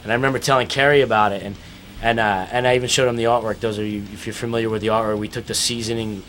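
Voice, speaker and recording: A man's voice: on the low side, level tone, very fast, a bit bright, a little hiss or hum. A man giving casual, profane, rambling commentary over a film, telling band stories.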